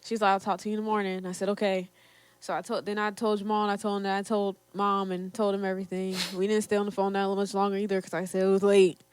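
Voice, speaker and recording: A woman's voice: mid-range voice, flat delivery, fast, a little mellow, smooth. A young woman in her twenties, co-hosting a podcast and telling a personal story in casual chat, laughing often. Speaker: podcast co-host.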